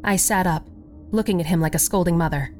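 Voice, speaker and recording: Lower-voiced woman telling a story. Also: a little fast, faint music behind. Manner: expressive, voicing each character. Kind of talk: first-person story narration with dialogue.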